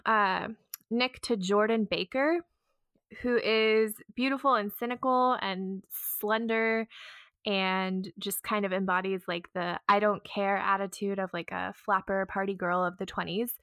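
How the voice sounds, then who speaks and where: Young woman podcast co-host, relaxed and joking, many fillers, mid-range voice, dry close sound. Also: mid-range voice, measured pace, no echo. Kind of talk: casual plot summary.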